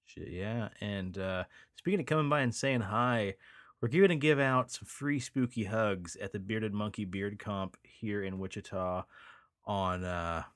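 A man with a lowish voice hosts a podcast in easygoing chat. He swears casually and punches up his sign-offs. The sound is dry and close. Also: unhurried, dry recording. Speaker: podcast co-host.

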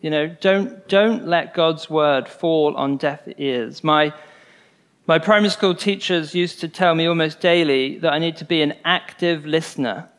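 A man's voice: a little high, measured pace, a bit bright, clean tone. A man preaching a conversational sermon, earnest and informal, often restarting phrases and saying "you know".

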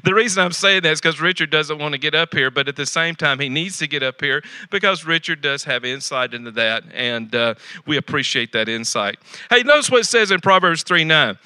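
A male pastor preaching a sermon in a folksy, joking way, repeating phrases for emphasis and swinging from loud exhortation to quiet asides. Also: a little high, animated, brisk, clean tone, no echo.

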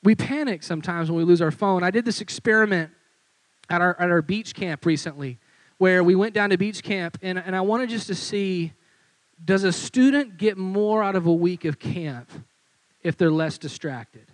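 A young man who is a youth pastor, preaching with lively storytelling and acting out quotes. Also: high voice, moderate pace, dry recording, low-quality recording. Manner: animated storyteller, acts out quotes. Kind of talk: sermon with storytelling.

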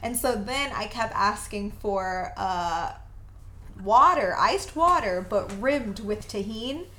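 A woman's voice: mid-range voice, expressive, slow, sharp tone. A woman co-hosting a podcast in casual chat, gushing and laughing often. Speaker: podcast co-host.

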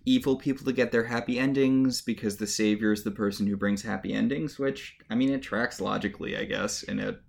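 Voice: medium pitch, fairly even intonation, brisk, gravelly, few pauses, darkish tone. A podcast co-host recapping a show in casual chat, wry, mocking the characters in little put-on voices. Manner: wry, mock-voices characters when retelling.

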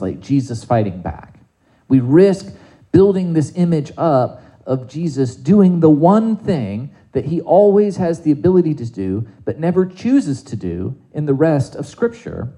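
A man preaching a sermon in a conversational, animated way, asking the congregation rhetorical questions. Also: medium pitch, poor audio. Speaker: pastor.

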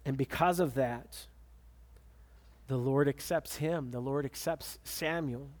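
A man preaching a sermon, reading scripture aloud and pressing his points with emphatic repetition. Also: takes it slowly. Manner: emphatic preaching with repeated words and sudden pitch swings. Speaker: pastor.

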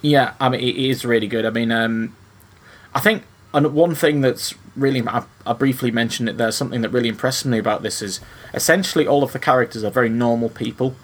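A man's voice: medium pitch, a little fast. A man on a film podcast, talking earnestly and hedging with frequent "I mean". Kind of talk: casual chat.

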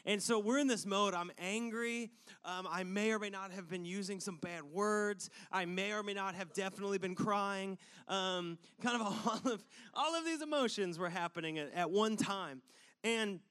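High-voiced man telling a story animatedly. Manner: animated, conversational, lots of "like" fillers. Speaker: speaker addressing an audience. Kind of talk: sermon-style personal storytelling.

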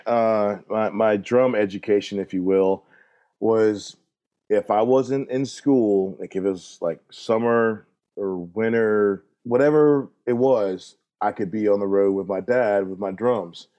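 A middle-aged man speaks in a low register, his voice dark and mellow. He is a drummer and guest in an interview, laid-back and folksy, and he drifts into easy anecdotes. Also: measured pace. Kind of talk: relaxed storytelling interview.

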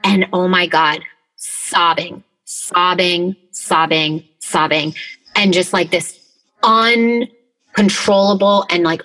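A woman in casual conversation with a bright, forceful tone. She speaks candidly and emotionally, leaning heavily on filler words and swearing freely. She is recording from her closet. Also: mid-range voice, low-quality recording. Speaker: podcast co-host.

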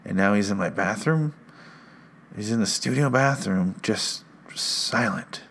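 A man with a fairly low voice hosts a comedy podcast, rambling and sarcastic, often poking fun at himself. He talks close into a studio mic. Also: unhurried, creaky, fairly bright tone. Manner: rambling, sarcastic, self-mocking. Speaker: podcast host. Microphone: studio mic with headphones.

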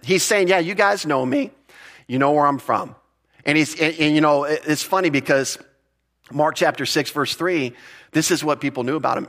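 A man's voice: on the high side, a bit bright. A man teaching through a Bible passage in a conversational way, often repeating words and putting questions to his listeners. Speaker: pastor.

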